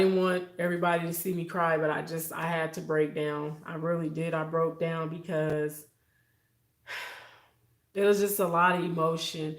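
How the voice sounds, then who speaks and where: A woman hosts a casual livestream in a chatty, heartfelt way, addressing her viewers directly. Her voice sits a little low for a woman. The room gives it a clear, roomy echo. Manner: chatty and heartfelt, talks straight to viewers as y'all. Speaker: livestream host. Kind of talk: casual live-stream chat with viewers.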